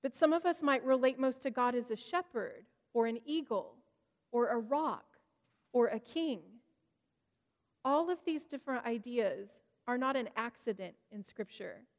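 A woman with a fairly high voice reads an earnest, reflective devotional message. She talks steadily and puts a gentle stress on key words. Her voice carries a long reverb, as if the recording was made in a hall. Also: animated, unhurried. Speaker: devotional speaker. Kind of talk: reflective sermon reading.

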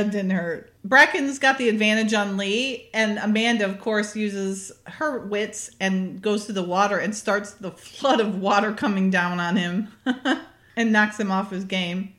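A woman's voice: medium pitch, unhurried. A woman in casual chat recapping a movie scene by scene, giggling often and acting out bits of dialogue. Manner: giggly, animated, retells scenes with quoted voices.

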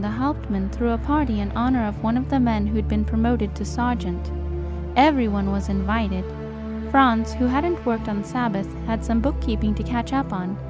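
A woman reading an audiobook in a measured, dramatic manner, her voice sitting a little high. A swelling film score plays clearly underneath her narration. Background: cinematic music score.

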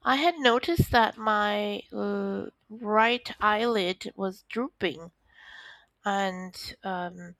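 A woman's voice: medium pitch, drawn-out words, no echo, rough recording. Woman telling a story with dialogue. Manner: animated storytelling, acts out quoted dialogue. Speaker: interview guest. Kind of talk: recounting a personal story.

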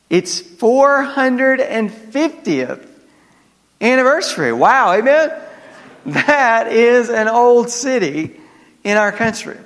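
A man's voice: very high voice, a bit bright. A man with a Southern US accent preaching a sermon as pastor, calling for amens from his congregation. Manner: call-and-response, asks congregation for amens. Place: church sanctuary. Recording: long hall reverb.

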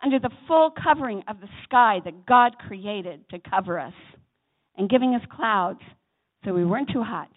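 A woman preacher delivering a sermon in a church chapel, swinging between loud exhortation and soft asides and calling on the congregation to answer. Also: medium pitch, expressive, normal speed. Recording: tinny phone-like sound.

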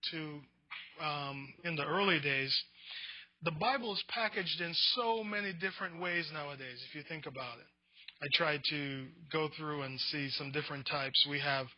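A man's voice: fairly high pitch, dry recording, dull audio. A man teaching a Bible class in a conversational lecture, reading definitions and often restarting his words.

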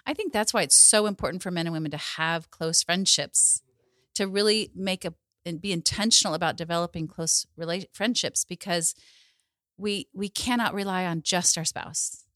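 Measured woman psychologist giving advice. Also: on the low side, dry recording, studio quality. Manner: warm, encouraging, measured. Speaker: psychologist guest. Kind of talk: advice in conversation.

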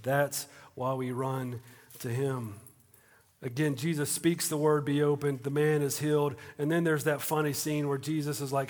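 A man preaching a sermon in a conversational way, moving between hushed moments and animated bursts. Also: mid-range voice, moderate pace. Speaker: pastor. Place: auditorium. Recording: reverberant auditorium.

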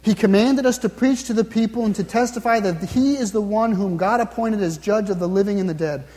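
A man preaching with an earnest, searching manner, pressing his listeners again and again and slowing down when he reads scripture. His voice sits high yet mellow. A long reverb trails after his words, as in a large hall. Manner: earnest, repeats questions to the listener, slows down to read scripture. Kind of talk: sermon.

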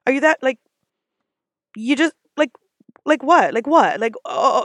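A woman's voice: high-pitched, expressive, measured pace, long pauses, fairly bright tone, dry recording, clean studio sound. A woman who works as a restaurant server, ranting in a casual vlog, blunt and sassy with lots of swearing.

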